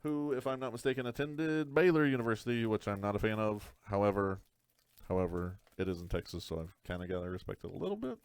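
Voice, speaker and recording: A man's voice: on the low side, animated, quick pace, clear, resonant tone, no room sound. A man hosting a live card break, talking through each card with dry joking asides.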